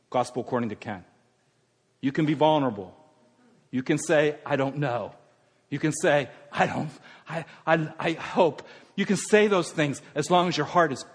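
A middle-aged man preaching a sermon as a pastor, moving between raised, emphatic passages and hushed, near-whispered ones. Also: medium pitch. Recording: long hall reverb.

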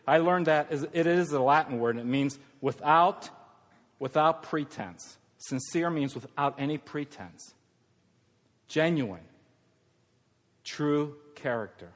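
Older male pastor preaching in a reverberant hall. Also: medium pitch. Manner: swings from hushed tender lines to loud emphatic preaching. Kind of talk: sermon. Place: church sanctuary. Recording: long reverb of a church hall.

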